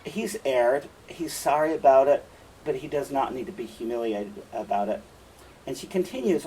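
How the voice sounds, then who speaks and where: A man's voice: medium pitch, animated, normal speed, darkish tone, breathy edge. A man teaching a play line by line, paraphrasing the lines in casual, emphatic terms. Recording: distant mic, faint room noise.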